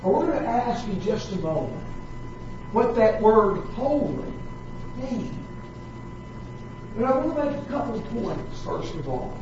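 A man with a strikingly high voice preaches in a slow, measured sermon, leaning hard on repeated words. His voice rings through a big, echoing hall, picked up from a distance with a dull, muffled tone. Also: very animated, noisy background. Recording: echoey hall, distant mic, dull sound.

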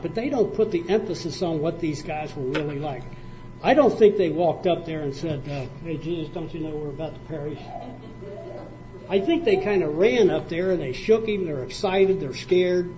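A man's voice: a little high, warm tone. An older man preaching a folksy sermon, telling stories in a plainspoken, conversational way with spoken fillers. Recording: muffled lo-fi recording with faint hiss.

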